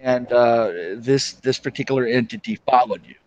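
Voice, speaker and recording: A man hosting an interview, asking measured, probing questions. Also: medium pitch, steady tone, a little mellow, highs cut off, slight background noise. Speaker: host.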